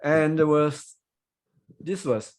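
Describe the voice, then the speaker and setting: A man's voice: fairly high pitch, slow, low-quality recording. A man with a Thai accent giving grammar and pronunciation feedback as a club grammarian on a video call, explaining carefully with examples.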